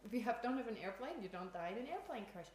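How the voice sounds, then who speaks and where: A woman's voice: a little high, sing-song, racing, darkish tone, a little hiss or hum. A woman teaching Buddhism in an informal dharma talk, chatty, laughing often and poking fun at herself. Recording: echoey room, faint ambience.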